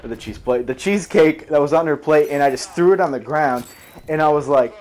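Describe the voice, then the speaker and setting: A man's voice: on the high side, a little fast, darkish tone. Rambling, profane young man telling a story. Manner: rambling, profane, self-correcting. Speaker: storyteller recounting a school memory. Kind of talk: casual storytelling vlog.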